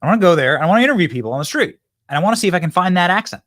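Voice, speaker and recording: A man's voice: sits high, lively intonation, very fast, fairly bright tone, no room sound, studio quality. A man hosting a political commentary show, talking to viewers in an emphatic, fired-up monologue that often repeats itself. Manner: emphatic, repeats himself, addresses viewers directly.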